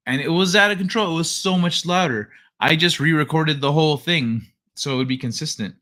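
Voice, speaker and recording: Bright-voiced, profane late-night streamer guy. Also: fairly high pitch, a little fast. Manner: rambling, profane, laid-back. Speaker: live stream host. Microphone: desk microphone he adjusts.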